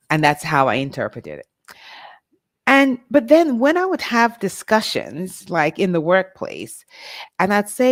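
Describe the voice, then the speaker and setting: A woman's voice: mid-range voice, sing-song, moderate pace, no room sound, clean studio sound. A middle-aged woman from Nigeria, talking candidly and directly to her listeners in a reflective personal monologue. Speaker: vlog host.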